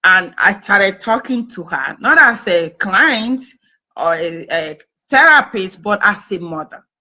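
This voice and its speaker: A woman's voice: medium pitch, animated, measured pace, pushed and bright, poor audio. A middle-aged woman hosting a family talk show, telling a personal story emphatically and repeating phrases for effect. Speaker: host and family therapist.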